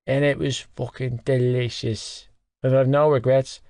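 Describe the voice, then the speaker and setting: A man's voice: mid-range voice, flat delivery, measured pace, darkish tone, no room sound, studio quality, natural voice. A man voicing an irritated young rugby captain who speaks curt and exasperated.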